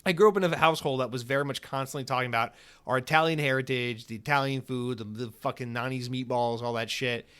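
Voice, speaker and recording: A man hosting a casual solo podcast, talking in an animated, profane and sarcastic way with lots of filler words. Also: mid-range voice, fast talker, clear, resonant tone. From United States. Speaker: podcast host.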